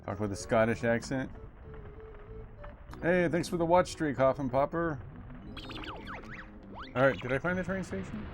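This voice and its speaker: A man's voice: medium pitch, lively intonation, a little slow, pauses often, soft background music. A man streaming a game, thinking aloud in casual, mumbled, unsure commentary as he plays. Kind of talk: casual commentary while playing.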